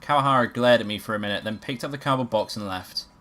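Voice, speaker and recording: A woman's voice: rumbling low, quick pace, fairly bright tone. A woman streaming a game, reading the story aloud and adding wry, swearing asides. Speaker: let's play streamer. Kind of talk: reading a visual novel aloud with commentary.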